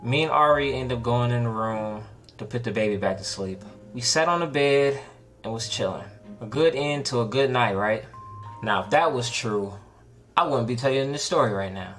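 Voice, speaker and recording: Young male storyteller, mid-pitched, casual slang, animated retelling, faint music bed. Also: normal speed. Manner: animated, acts out his own panicked quotes in a higher voice; laid-back slangy talk with many likes and restarts.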